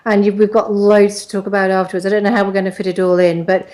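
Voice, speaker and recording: A woman's voice: medium pitch, level tone, dark tone. A woman hosting an interview, chatty and loose with fillers. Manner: chatty, with fillers and quick laughs. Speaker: host.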